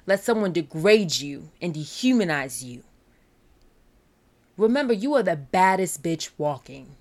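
A woman's voice: on the low side, big pitch swings, unhurried. A young woman, a college student, talking candidly and earnestly about mental health and self-love. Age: young adult. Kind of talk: personal talk on mental health.

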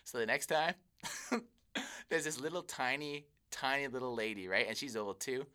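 A man's voice: medium pitch, moderate pace, pushed and bright, clean tone. A young man co-hosting a podcast, telling rambling stories in casual chat and laughing often. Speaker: podcast co-host.

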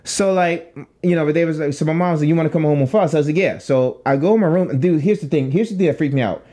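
Young man, podcast co-host, casual storytelling, profane, animated, somewhat high voice. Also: quick pace.

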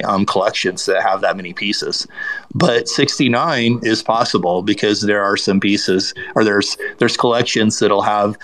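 A man with a low voice talks as a guest collector in a casual online audio chat. He explains things in a relaxed, rambling way, full of ums and you-knows. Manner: relaxed, explanatory, many fillers.

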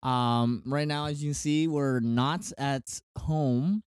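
A man's voice: medium pitch, fairly even intonation, slow, smooth, dry recording, studio quality. A man from Canada co-hosting a podcast in casual late-night chat, laughing and joking through loose banter. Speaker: podcast co-host.

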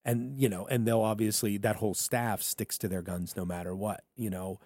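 A man co-hosting a podcast in casual political banter, animated and jokey, slipping into funny voices for quotes. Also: on the low side, normal speed, no echo, clean studio sound. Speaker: podcast co-host.

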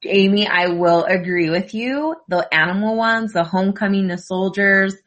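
A woman's voice: mid-range voice, normal speed, lo-fi sound. A woman in her thirties from the United States, hosting a casual chat and telling stories with acted-out quotes. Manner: chatty, animated storytelling with acted-out quotes. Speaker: host.

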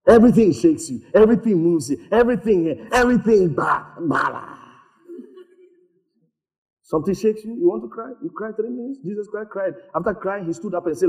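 A male pastor delivers a sermon in a high, lively voice that swoops up and down. He calls out for the congregation to repeat after him, and often breaks into laughter. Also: a little fast. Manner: animated preaching, calls for responses, laughs often.

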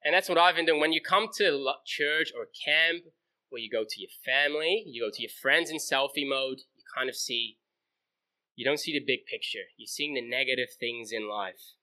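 A man in his twenties with a mid-range voice gives a casual youth sermon at a camp, speaking at normal speed with a bright, forceful tone. He tells stories in a chatty way, full of fillers like "like".

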